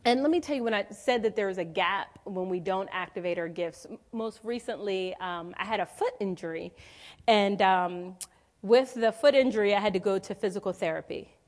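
A woman's voice: mid-range voice, moderate pace, darkish tone. A woman in her forties preaching a sermon in a conversational, storytelling way, calling out questions to the congregation. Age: 40s.

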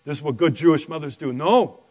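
A man voicing a determined mother who urges her son on in a brisk, insistent way. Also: a little high, a little mellow, lightly acted. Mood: urging.

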